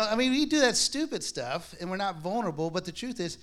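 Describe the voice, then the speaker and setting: A man shares a personal testimony with a congregation, sermon-style, in a conversational, self-deprecating way, acting out the dialogue he quotes with frequent restarts and laughs. His high-pitched, fairly bright voice is very animated and fairly quick.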